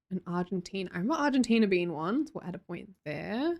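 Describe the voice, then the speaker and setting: A woman's voice: lowish voice, animated, quick pace, few pauses, a little mellow. An Australian woman, a young adult, hosting a casual livestream chat, reading chat aloud and laughing often. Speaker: livestream host.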